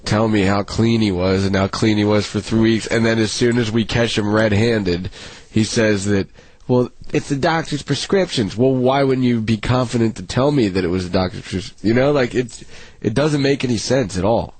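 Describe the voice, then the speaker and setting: A man's voice: fairly low pitch, normal speed, darkish tone, no echo, poor audio. A man hosting a radio talk show, talking bluntly and profanely while he has a cold.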